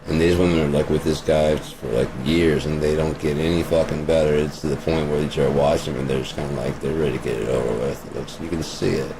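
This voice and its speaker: A man's voice: extremely low pitch, fast, few pauses. A man vlogging an off-the-cuff opinion rant, blunt and profane, firing off rhetorical questions. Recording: steady vehicle road noise behind voice.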